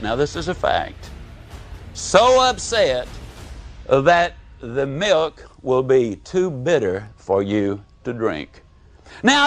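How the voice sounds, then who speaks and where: A man giving a live motivational speech, telling folksy stories and swinging between booming and hushed delivery. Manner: folksy storytelling. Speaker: motivational speaker.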